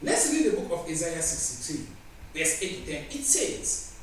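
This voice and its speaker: A man's voice: on the high side, sing-song, moderate pace, a little hiss or hum. A man preaching a sermon with emphatic, repeated phrases. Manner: emphatic, repeats phrases, voices God and the Spirit in quotes. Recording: echoey room from far off with faint ambience.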